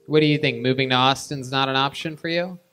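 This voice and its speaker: A man hosting a live comedy show, answering with dry, incredulous reactions and quick questions. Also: medium pitch, steady tone, fairly bright tone.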